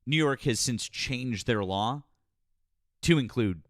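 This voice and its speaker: A man hosting a call-in politics show, blunt and forceful, repeating himself and swearing as he corrects a caller. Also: mid-range voice, animated, takes it slowly, dry recording, clean studio sound. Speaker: show host. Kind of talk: heated call-in argument.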